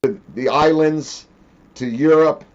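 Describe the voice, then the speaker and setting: A man's voice: a little high, slow, lo-fi sound. A man hosting an interview, telling stories casually and acting out the dialogue of the people in them. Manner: animated, acts out quoted dialogue. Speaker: interview host.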